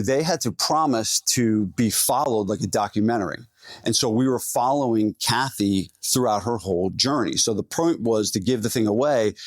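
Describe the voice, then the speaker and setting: A man giving an energetic conference talk as a gym owner and speaker, talking straight to the audience. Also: medium pitch, no room sound. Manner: energetic, addresses the audience directly. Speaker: gym owner presenting at a fitness event. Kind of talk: live conference presentation. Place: event hall stage.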